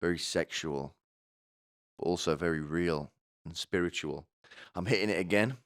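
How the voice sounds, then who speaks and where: A man telling a crude, rambling comic story in a deadpan way. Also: low voice, normal speed. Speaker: comedy vlogger.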